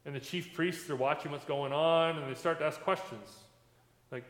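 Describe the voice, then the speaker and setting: A man's voice: on the high side, fairly even intonation, normal speed, a bit bright. A man, a pastor, giving a sermon in a conversational preaching manner, recorded in a church sanctuary. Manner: conversational preaching with plain everyday comparisons. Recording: echoey church hall with long reverb.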